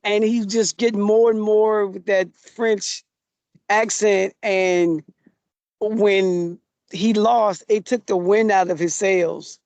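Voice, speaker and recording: A man's voice: high voice, fairly even intonation, takes it slowly, darkish tone, smooth, no room sound. A male chef as a podcast guest, chatting casually and giving opinions with a laugh. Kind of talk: casual recap chat.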